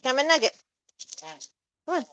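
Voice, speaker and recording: A woman vlogs outdoors among chickens in her backyard, talking casually to the camera while calling her pets in a sing-song way. She speaks at normal speed in a high, pushed, bright voice, captured in a low-quality recording without echo.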